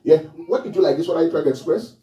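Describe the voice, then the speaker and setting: A man's voice: a little high, rapid-fire, noisy background. A man preaching a sermon to his congregation in a church, often asking them questions and waiting for their answers. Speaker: pastor. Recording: echoey hall, mic far off.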